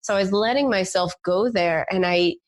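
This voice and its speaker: A woman's voice: medium pitch, normal speed. A woman telling an emotional personal story with candid, rambling speech full of "like" fillers.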